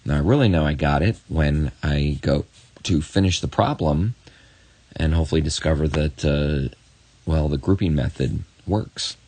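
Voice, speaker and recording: A man teaching a math lesson on video, encouraging and talking straight to the student with quick asides. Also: extremely low pitch, dark tone, dry recording.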